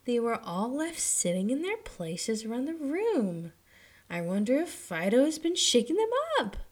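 A woman voicing a little girl who owns the dolls, speaking high and loud with exclamations. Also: very animated, unhurried. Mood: puzzled. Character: little girl doll owner, scolding, fussy.

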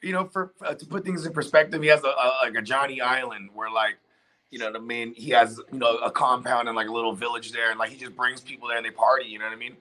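A man's voice: medium pitch, fairly even intonation, fast talker, bright, forceful tone. A man hosting a casual chat, telling a long story loosely with lots of fillers and swearing. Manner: rambling storyteller, heavy filler and profanity.

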